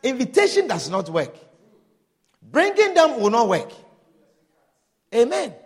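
A man preaching with a very high voice that leaps up and down as he drives each point home. He calls out amen and hallelujah between his lines, and his words ring with the long echo of a big hall. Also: huge pitch swings, measured pace. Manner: emphatic preaching with call-and-response amens. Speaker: pastor. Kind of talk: sermon.

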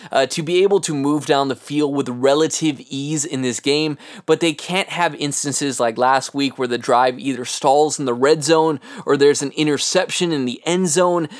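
A man hosting a solo sports podcast, giving an earnest, analytical game preview and talking to his listeners as guys. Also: fairly high pitch. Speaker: podcast host.

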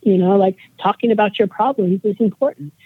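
A woman's voice: medium pitch, fairly quick, slightly rough, no room sound. A woman in her forties, a guest in a casual interview, talking in an earnest, heartfelt, rambling way. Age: 40s. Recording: dry tinny phone-like line.

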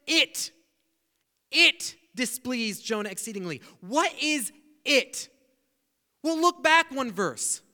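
A man with a very high, bright voice preaches a sermon in an animated way, putting questions to his listeners and pausing for their answers. His voice rings out in a long hall reverb. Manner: animated, asks the audience questions.

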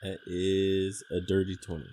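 A man's voice: sits low, level tone, measured pace, warm tone. A young man playing a tabletop game, blunt and swearing. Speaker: player.

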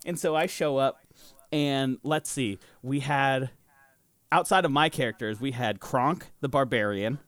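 Brief: young male podcast host, casual storyteller, swears and laughs freely, medium pitch, dry close-miked sound. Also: unhurried, fairly bright tone, dry recording.

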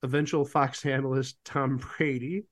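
A man's voice: medium pitch, steady tone, moderate pace. A man co-hosting a podcast in casual chat, opinionated and given to sarcastic asides. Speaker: podcast co-host.

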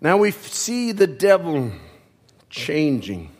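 A man preaching a sermon in a church, slow and deliberate, with asides to the congregation, troubled by a cough. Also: a little high, huge pitch swings. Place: church sanctuary.

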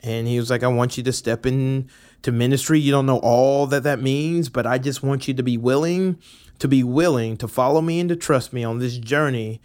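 A man who is a teaching pastor, telling a personal story on a podcast in a candid, animated way with playful asides. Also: mid-range voice.

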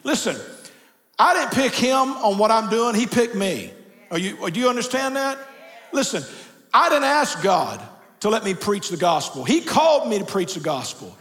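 A middle-aged male pastor, preaching a sermon that moves from quiet storytelling to shouted preaching. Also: high voice. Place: church sanctuary. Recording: reverberant church sanctuary.

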